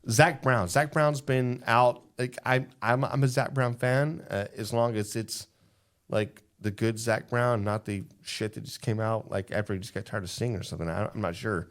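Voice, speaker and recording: A man's voice: lowish voice, fairly even intonation, moderate pace. A man co-hosting a podcast, talking in an emphatic, rambling way with restarts. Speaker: podcast co-host. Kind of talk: casual chat.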